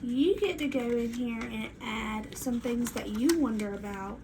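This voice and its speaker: Slow, high-voiced woman teaching. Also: noisy background. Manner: slow, clear, sing-song teacher talk to young children. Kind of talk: read-aloud and classroom lesson.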